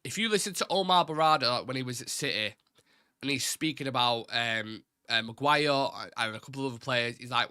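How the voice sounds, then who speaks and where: A man's voice: medium pitch, clean tone, no room sound, studio quality. A young man from Salford with a Mancunian accent, hosting a live fan show and reading out chat questions in a blunt, opinionated way. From Salford, Greater Manchester. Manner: blunt, opinionated, swears, fast and animated. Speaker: host of a fan talk show. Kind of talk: live-stream chat, reading viewer comments.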